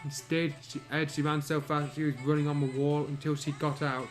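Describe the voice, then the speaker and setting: A man reading a fan story aloud in an amateur narration, halting and stumbling at times. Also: on the high side, flat delivery, faint music behind. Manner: halting, with stumbles and throat-clearing. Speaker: reader.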